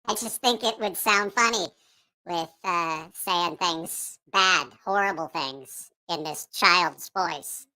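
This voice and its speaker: A man on a livestream talking through a pitch-shifting voice changer that makes him sound like a giggly, mischievous child. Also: slow, pushed and bright, full character voice. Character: high child's voice of impish dark thoughts. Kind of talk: livestream chat.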